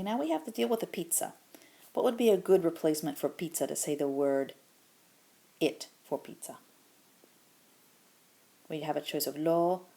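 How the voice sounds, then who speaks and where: A woman teaching a grammar lesson, explaining patiently step by step and modeling example phrases slowly. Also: low-pitched, creaky, warm tone. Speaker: Spanish teacher.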